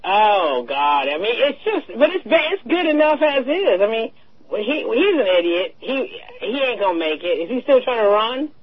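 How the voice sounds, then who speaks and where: A woman co-hosting a talk radio show, in casual political chat that is animated and slangy. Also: a little high, normal speed, a crowd in the background. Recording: dull lo-fi radio sound.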